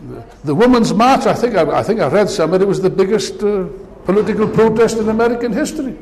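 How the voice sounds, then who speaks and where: A man's voice: high voice, animated, fast talker, a little mellow, slight background noise. A man giving an impassioned political speech to an audience, with mocking asides. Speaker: political speaker. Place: large meeting hall. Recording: long reverb of a hall.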